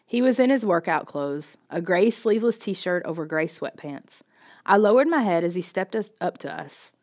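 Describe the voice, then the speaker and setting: Woman with a lowish, steady voice. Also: moderate pace. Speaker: audiobook reader. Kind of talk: first-person storybook narration.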